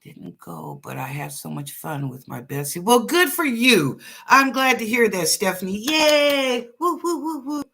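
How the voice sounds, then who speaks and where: A psychic reader hosting a live show, giving quick readings to viewers in a folksy, chatty, reassuring way and laughing often. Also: mid-range voice, big pitch swings, vocal fry, pushed and bright.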